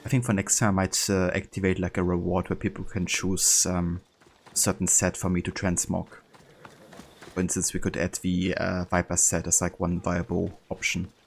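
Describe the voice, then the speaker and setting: A man's voice: deep voice, normal speed, creaky, a little hiss or hum. A man streaming a video game live, chatting casually and thinking aloud as he plays. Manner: relaxed, thinking aloud with fillers.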